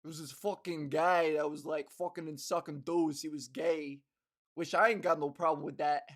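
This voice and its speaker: Woman putting on a loud New York sports-fan guy. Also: low-pitched, steady tone, moderate pace, voice pushed down. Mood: blustering. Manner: loud, crude, rambling. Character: loudmouthed middle-aged male baseball fan.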